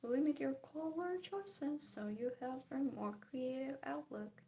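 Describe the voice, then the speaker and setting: A woman's voice: high-pitched, slow, hardly any pauses, dark tone, slight background noise. A young woman chatting casually and giggling while she paints, trailing off into murmured, half-whispered asides. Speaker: art vlogger.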